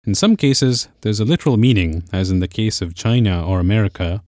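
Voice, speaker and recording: A man's voice: lowish voice, animated, brisk, a little mellow, dry recording, clean studio sound. A man teaching a podcast language lesson, explaining patiently step by step.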